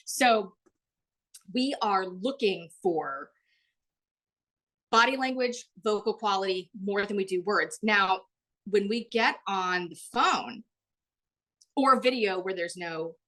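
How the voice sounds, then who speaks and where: A woman leading an online workshop, heard through a video call microphone. She talks in a loose, chatty way, leaning on "like" and "um". She jumps high in pitch whenever she acts out the people she quotes. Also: fairly bright tone. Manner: chatty, frequent "like" and "um". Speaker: webinar presenter. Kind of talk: live online workshop talk.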